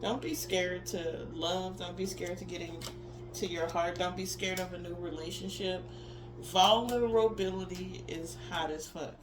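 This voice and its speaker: A woman's voice: fairly low pitch, fairly even intonation, a little slow, music in the background. A woman giving a tarot reading as a blunt, profane spiritual pep talk. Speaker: tarot reader. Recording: roomy echo with faint ambience.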